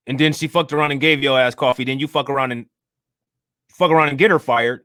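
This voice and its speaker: A man's voice: medium pitch, steady tone, fast talker, a bit bright, no room sound, clean studio sound. A man co-hosting a commentary show, talking in a mocking, profane, casual way. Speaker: co-host.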